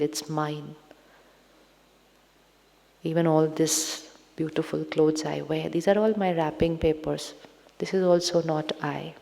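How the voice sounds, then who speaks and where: A woman with an Indian accent giving a slow meditation lecture as a spiritual teacher, repeating her lines and asking the audience questions. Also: low voice, gravelly, darkish tone. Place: large lecture hall. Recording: long hall reverb.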